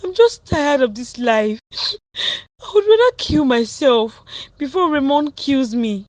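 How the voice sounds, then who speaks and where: A woman's voice: high voice, lively intonation, slow pace, no room sound. A woman voicing an abused wife, angry and despairing. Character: distraught abused cartoon wife.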